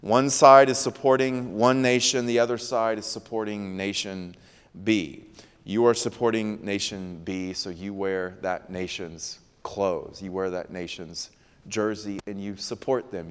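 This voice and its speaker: A male preacher delivers his sermon in a smooth, resonant voice. He speaks slowly and with emphasis, turning phrases over again and again. His words ring out with the long reverb of a large hall. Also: on the low side, steady tone. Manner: slow, emphatic, repeats key phrases.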